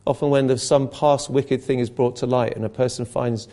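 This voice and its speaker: A middle-aged man preaching a sermon earnestly, often restarting phrases and dropping to a hush. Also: mid-range voice, steady tone, normal speed.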